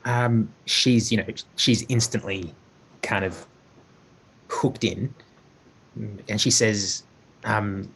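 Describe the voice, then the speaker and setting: Slow, rambling male game master. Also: fairly low pitch, fairly even intonation, a bit bright, husky, low-quality recording. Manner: slow and rambling, lots of ums and likes. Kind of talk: narrating a tabletop game.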